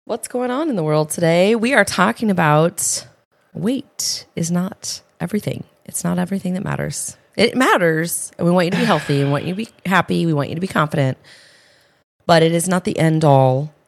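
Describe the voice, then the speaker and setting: A woman co-hosting a health podcast in casual chat, emphatic and listing points in quick runs. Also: lowish voice, animated, vocal fry. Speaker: podcast co-host, health coach.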